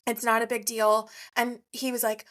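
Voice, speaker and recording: Chatty woman telling a lively story. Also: on the high side, moderate pace. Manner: animated storyteller, laughs often. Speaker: podcast co-host. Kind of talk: casual chat.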